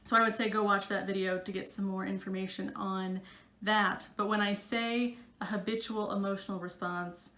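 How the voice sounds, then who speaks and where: A woman's voice: mid-range voice, bright, forceful tone, roomy sound. A woman psychic coach talking casually to her camera, chatty and full of fillers.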